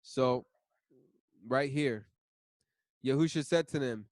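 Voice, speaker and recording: Talkative man leading a casual bible study, slangy and fairly high-voiced, dry close sound. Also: moderate pace, dry recording. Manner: chatty, laughs often, uses slang.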